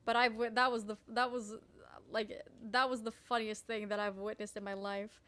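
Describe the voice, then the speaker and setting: A young woman streamer telling a story in casual chat, animated, swearing freely and leaning on "like" a lot. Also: a little high, normal speed, smooth. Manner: animated, swears freely, heavy use of "like", laughs often.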